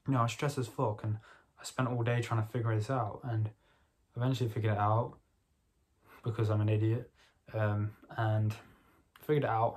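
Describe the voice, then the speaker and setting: Young man, mid-pitched, self-filmed vlog: rambling, sweary, motivational monologue. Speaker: vlogger. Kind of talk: casual late-night monologue.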